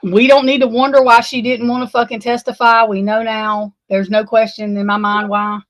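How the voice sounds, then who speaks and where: A woman's voice: fairly high pitch, level tone, dry recording, poor audio. Distraught woman, dry close sound. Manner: distraught, halting, swearing, stammering. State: shaken, close to tears. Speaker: true crime commentator. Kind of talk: emotional unscripted commentary.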